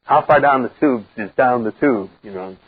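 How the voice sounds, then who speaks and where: Husky older man on lo-fi meeting tape. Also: medium pitch, normal speed, no room sound. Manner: animated storyteller who acts out quoted voices, wry and blunt. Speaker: recovery meeting speaker. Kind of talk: personal recovery talk to a live group. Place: meeting room with a live group. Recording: dull lo-fi 1990s cassette recording.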